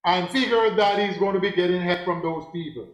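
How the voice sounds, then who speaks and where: A man giving a slow, preachy spiritual monologue, repeating phrases for emphasis. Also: high-pitched, roomy sound, poor audio. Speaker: spiritual teacher.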